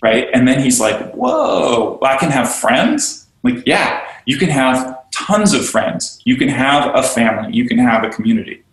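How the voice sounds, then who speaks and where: Man, podcast guest, earnest, animated, acts out quotes, mid-pitched voice, roomy echo. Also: normal speed, hardly any pauses. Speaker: guest, yoga studio owner and teacher trainer. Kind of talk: conversational podcast interview.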